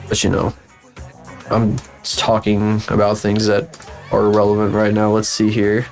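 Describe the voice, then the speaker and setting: A man's voice: lowish voice, monotone, a little slow, a little mellow, faint music behind. Profane rambling male streamer, flu-sick. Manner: profane, rambling, incredulous rants. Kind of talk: casual livestream chat.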